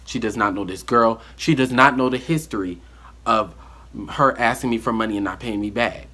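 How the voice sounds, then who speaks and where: A man telling a casual storytime on his vlog, animated and acting out the quotes. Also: lowish voice, normal speed. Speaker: vlogger.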